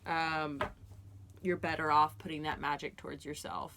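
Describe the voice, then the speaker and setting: A woman with a slightly low voice gives a casual tarot reading. She talks straight to her listener in an earnest, reassuring way. Her sentences loop back and restart, full of fillers. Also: little pitch movement, normal speed, background noise. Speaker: tarot reader.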